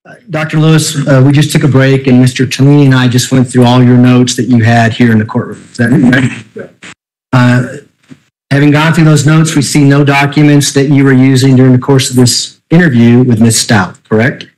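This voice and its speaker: A prosecuting attorney cross-examines a witness in a courtroom, pressing insistently to pin down answers. His mid-range voice is fairly even in intonation, a little fast, and darkish, and the recording is low quality.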